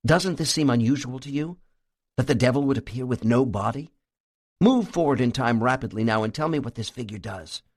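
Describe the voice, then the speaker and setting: A man voicing a calm hypnotherapist who gently questions his client. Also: medium pitch, fairly quick. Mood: reassuring. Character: calm, reassuring male hypnotherapist.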